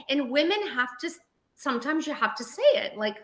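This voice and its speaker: A woman guest mentor telling stories in an interview, acting out the quotes with lively pitch shifts. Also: fairly quick, roomy sound, poor audio. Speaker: guest, emotional healing mentor. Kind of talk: storytelling in a podcast interview.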